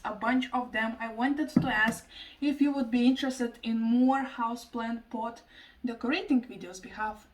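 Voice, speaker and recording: A woman chatting excitedly in a casual home plant vlog, gushing over her plants and thanking viewers. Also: a little high, distant mic, poor audio. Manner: gushing, excitable, breaks into laughs. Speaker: plant vlogger. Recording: voice a bit off-mic.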